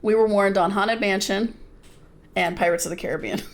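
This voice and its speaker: A woman's voice: medium pitch, fairly even intonation, moderate pace. A woman in her forties, a podcast guest, telling candid stories in a blunt, laughing way. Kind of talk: candid casual chat.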